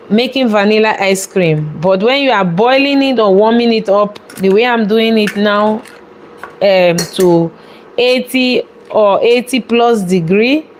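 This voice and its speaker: A woman chef hosting a live cooking demonstration from a restaurant kitchen, chatty and quick to laugh as she talks viewers through each step. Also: medium pitch, a little hiss or hum. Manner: chatty, laughs often, warmly thanks viewers.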